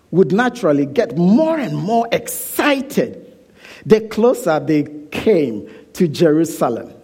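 A preacher delivers his sermon at an unhurried pace, his voice husky and mellow. His pitch moves freely as he stresses key points and repeats phrases for weight. In prayer he sinks to a quiet hush. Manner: soft, hushed prayer.

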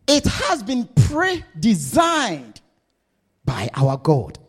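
A man preaching a sermon to his congregation, slow and deliberate, often laughing as he leads them. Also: high-pitched, wildly swooping pitch, breathy edge.

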